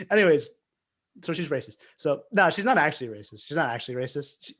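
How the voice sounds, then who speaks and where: A man's voice: fairly high pitch, expressive, fast, fairly bright tone. A young man chatting casually on a podcast, telling a story with frequent laughs and swearing. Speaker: podcast co-host. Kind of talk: casual chat.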